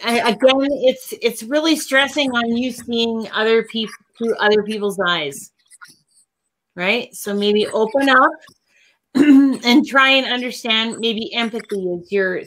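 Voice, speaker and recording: Co-host, woman, slightly high and very bright voice, earnest rambling tarot advice. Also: measured pace, slight background noise, rough recording. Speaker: co-host reading tarot cards. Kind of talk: casual livestream chat.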